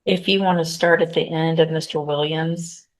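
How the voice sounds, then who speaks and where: A woman's voice: deep voice, steady tone, normal speed. A woman judge presiding over a courtroom hearing, reading charges in a methodical, procedural way and thinking aloud as she sorts through the case papers.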